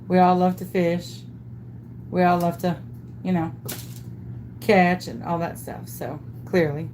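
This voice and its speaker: A woman's voice: on the low side, takes it slowly, a little hiss or hum. Chatty woman telling a story. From Louisiana. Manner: animated, chatty, self-amused storyteller. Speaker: craft vlogger. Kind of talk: storytelling while crafting.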